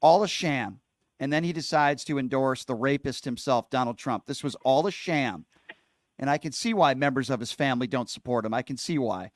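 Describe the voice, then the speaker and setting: A man's voice: medium pitch, a little fast, no echo, clean studio sound. A man hosting a talk radio call-in show, talking in a heated, outspoken way and leaning hard on his words. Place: radio studio.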